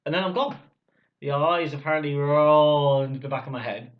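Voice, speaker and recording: Gruff blunt man, lo-fi. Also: a little high, a little fast. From Cornwall, England. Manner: blunt, swears freely. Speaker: vlogger. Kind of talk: casual personal storytelling. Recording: dull lo-fi sound.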